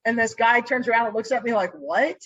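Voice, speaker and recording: Speaking at a quick pace in a slightly high voice, a woman PI animatedly narrates a story during a casual interview, voicing her own lines as she goes. The audio is lo-fi.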